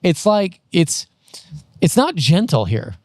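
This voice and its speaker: Higher-voiced guy musing out loud on a bible podcast, lots of likes, dry mic. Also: big pitch swings, slow, no room sound. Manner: enthusiastic, thinks aloud with many "like"s and restarts. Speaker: podcast co-host. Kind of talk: casual Bible discussion.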